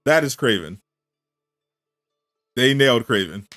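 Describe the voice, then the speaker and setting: A man chatting casually as a streamer on a live reaction stream, animated and incredulous, firing off rhetorical questions. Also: mid-range voice, unhurried, no room sound, faint music behind.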